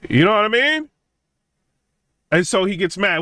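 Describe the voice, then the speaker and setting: A young man tells an animated story in a high, bright voice that keeps asking "right?" and "you know?". He talks casually with lots of fillers, and the sound is dry and close. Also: a little slow, no room sound. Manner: acts out quotes of others in a raised, mocking pitch. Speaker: tech channel host.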